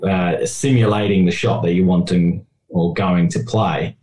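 A man's voice: low-pitched, steady tone, measured pace, few pauses, a little mellow, soft background music. A man speaking as a rules expert on a podcast, explaining in a hesitant way with many fillers. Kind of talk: casual chat. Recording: echoey room.

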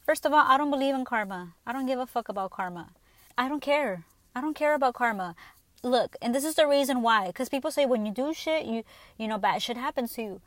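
A woman hosting a podcast, telling stories in a blunt, profane, animated casual rant. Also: high voice, moderate pace, dry recording. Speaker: podcast host. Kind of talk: casual ranting monologue.

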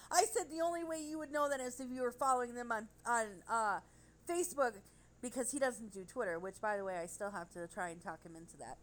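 A woman telling a rambling, animated story in casual chat. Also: on the high side, brisk, rough recording.

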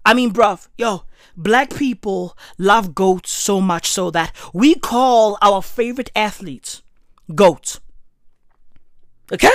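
Slow, shouting, profane woman. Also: medium pitch, dry recording, studio quality. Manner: loud, profane, often breaks into shouting. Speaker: vlogger. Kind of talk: comedic rant.

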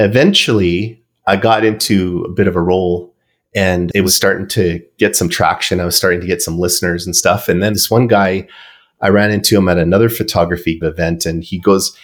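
A podcast guest with a low, fairly quick voice and fairly even intonation tells long stories during an interview. He's chatty and rambling, with lots of filler words.

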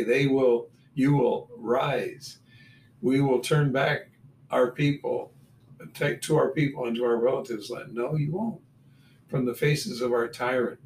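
A Bible teacher with a medium-pitched, creaky voice reads verses aloud and drops blunt comments between them. The recording is roomy, from a distant mic with faint room noise.

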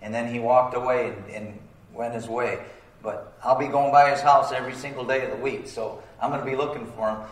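A man's voice: mid-range voice, steady tone, fairly quick. A man preaching a sermon as pastor, talking in plain colloquial speech and asking the congregation for amens. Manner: call-and-response, asking for amens. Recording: roomy sound, distant from the mic.

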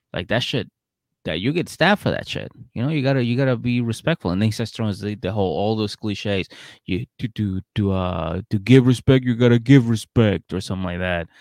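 A low-pitched man with a gravelly, creaky voice recaps a reality show for a podcast, cursing freely and slipping into other people's lines as he tells it. The sound is close and dry, with no room around it. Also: a little mellow, no room sound. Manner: profane storytelling that acts out other people's lines. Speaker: podcast co-host.

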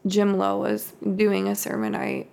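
Creaky-voiced woman sharing a faith story. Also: mid-range voice, completely flat delivery, a little slow, a little mellow. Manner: reflective storytelling, acts out quoted voices. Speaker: podcast co-host. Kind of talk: casual faith conversation.

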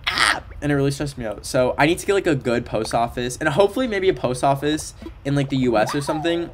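This livestreamer, a young man from Canada, talks fast in a medium-pitched, expressive voice while he plays. He chats casually, full of fillers and playfulness, sometimes breaking into nonsense-syllable singing. Faint game music runs underneath, along with a slight hiss or hum.

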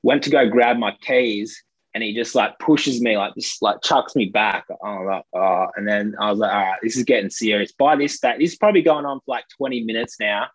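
A man's voice: fairly low pitch, brisk, breathy edge, dry recording, poor audio. A young Australian man telling a rambling anecdote in casual chat, full of fillers. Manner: rambling, filler-heavy, laughs between lines. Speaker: storyteller.

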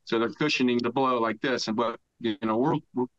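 A man in his sixties tells a long story as a podcast guest. He talks in an animated, profane way and shouts out the lines he quotes. His voice sits at a middle pitch, and the recording is a little dull and lo-fi. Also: brisk. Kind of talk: casual storytelling interview.

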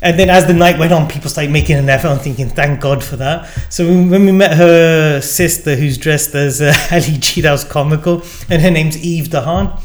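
Animated man telling a story. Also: on the high side, fairly quick. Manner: animated storyteller acting out quoted dialogue, many fillers. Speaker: guest. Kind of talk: casual storytelling.

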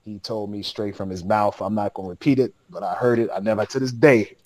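A man's voice: lowish voice, fairly even intonation, fairly quick, a little mellow, dry recording, rough recording. A man, a podcast guest, telling a long story in casual, slangy speech with lots of laughter.

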